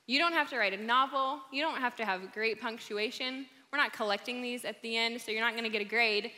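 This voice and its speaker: Female speaker, encouraging and conversational, bright tone, live hall sound. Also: a little high. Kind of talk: live talk to an audience. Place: large room with an audience. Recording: hall reverb.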